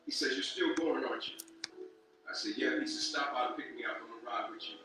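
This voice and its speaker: A man telling a story as a motivational speaker, building to passionate shouts. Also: mid-range voice, fairly even intonation, brisk, distant mic. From Atlanta, Georgia. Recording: echoey hall from afar with loud music.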